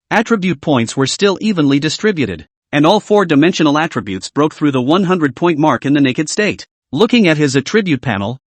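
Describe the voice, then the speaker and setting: Male narrator, scripted comic recap, slightly high voice, clipped stat-reading delivery. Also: no echo. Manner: reads out stat lists in short clipped phrases.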